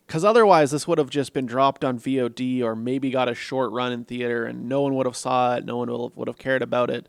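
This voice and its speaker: Dude ranting about a bad movie, swears a lot, laughs at his own jokes, smooth clear voice. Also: medium pitch, steady tone, a little fast, hardly any pauses, dry recording. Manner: blunt, profane and sarcastic. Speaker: movie reviewer. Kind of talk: casual spoken film review.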